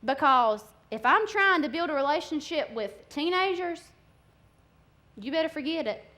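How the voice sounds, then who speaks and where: A woman's voice: high-pitched, expressive, normal speed, pushed and bright. A young woman preaching as a guest speaker, candid and conversational, with growing passion. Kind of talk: sermon.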